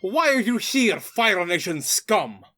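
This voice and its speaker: A stern young female warrior with a heavy put-on Russian accent, as a man puts her on. Her voice sits high and bright, and every line comes out dramatic and mock-serious. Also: big pitch swings, takes it slowly, full character voice.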